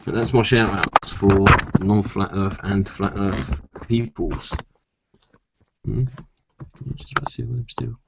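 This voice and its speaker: A man's voice: fairly low pitch, fairly even intonation, slow, vocal fry, heavy background noise. A man chatting casually to camera in a rambling way, with many asides, and swearing when riled. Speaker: vlogger. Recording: dull lo-fi sound.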